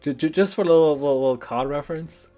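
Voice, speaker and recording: A man's voice: a little high, quick pace, warm tone, faint music behind. A man streaming a game, rambling and stammering through jokey commentary at a desk mic. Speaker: gaming streamer. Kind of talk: casual gameplay commentary. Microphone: desk mic with face cam.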